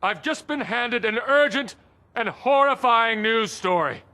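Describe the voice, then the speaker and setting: A man putting on a theatrical, urgent news announcer's voice that shouts its announcement. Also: extremely high pitch, animated, measured pace, pitched above the performer's own voice, exaggerated voice. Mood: urgent, dramatic.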